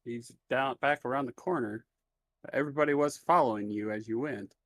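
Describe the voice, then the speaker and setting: A man at a mid-range pitch narrates a tabletop adventure as game master. He sets the scene slowly, pausing and filling gaps as he goes. The recording is dry and close. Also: no room sound. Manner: descriptive narration with frequent pauses and fillers.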